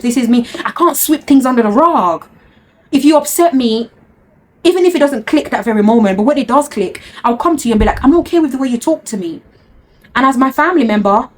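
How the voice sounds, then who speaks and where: Earnest woman, thirties, mid-pitched, speaks from the heart and circles back on her points. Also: a little hiss or hum. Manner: earnest, heartfelt, repeats words for emphasis. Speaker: vlogger. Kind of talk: personal story time.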